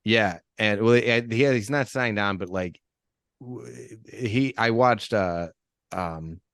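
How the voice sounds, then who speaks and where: A man's voice: on the low side, takes it slowly, creaky, a bit bright, dry recording, studio quality. A man co-hosting a podcast, chatting casually about horror movies and restarting his sentences often. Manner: rambling, many restarts and fillers. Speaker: podcast co-host.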